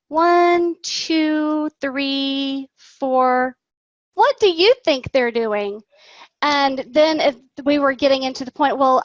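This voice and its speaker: A woman, an online English teacher, walking through a lesson plan slowly and acting out the prompts she would give a young student. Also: sits high, no echo, muffled recording.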